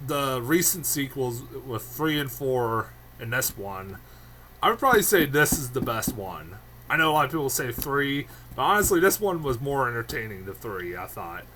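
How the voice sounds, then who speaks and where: A man with a bright, forceful voice reviews a film in a loose, off-the-cuff way. He swears freely, rambles, and laughs often. Faint noise sits behind him. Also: mid-range voice.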